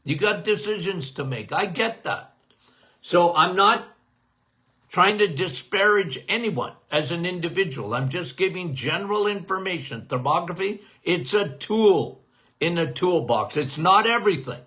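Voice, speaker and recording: A middle-aged man who is a doctor and podcast host answers health questions in a high, animated, sharp voice at a measured pace. Casual in tone, he calls his listeners guys and repeats phrases for emphasis.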